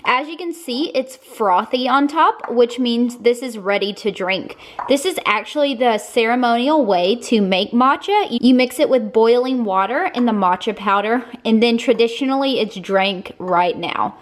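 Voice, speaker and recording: A woman's voice: on the high side, expressive, normal speed, hardly any pauses. A young woman with a regional accent giving a chatty, upbeat recipe demonstration, with self-deprecating asides. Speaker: cooking vlogger.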